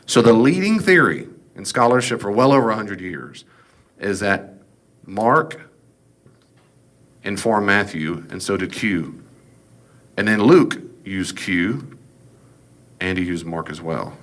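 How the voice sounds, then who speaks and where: A man's voice: lowish voice, animated, slow, pauses often, fairly bright tone. A man giving a casual, folksy Bible class lecture, with jokes and asides. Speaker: Bible teacher.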